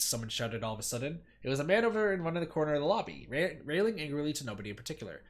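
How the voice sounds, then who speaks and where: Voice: medium pitch, big pitch swings, rapid-fire, few pauses. A streamer reading a visual novel aloud, with chatty, self-mocking asides.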